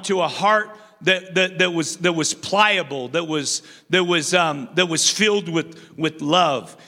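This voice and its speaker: Bright, high-voiced older pastor preaching. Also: male voice, big-room sound. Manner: call-and-response preaching, repeats and restarts phrases. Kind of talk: sermon. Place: church sanctuary.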